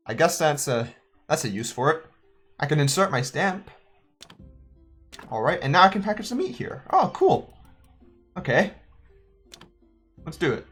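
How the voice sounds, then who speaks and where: Chatty man playing a game, a bit high. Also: a bit bright, husky. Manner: chatty, joking, thinks aloud. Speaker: gaming YouTuber. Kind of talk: let's play commentary.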